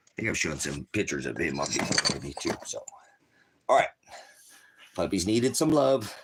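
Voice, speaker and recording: A man's voice: deep voice, very animated, normal speed, very noisy. A man preaching and chatting casually on a phone live stream at home, rambling and talking fondly to his dogs.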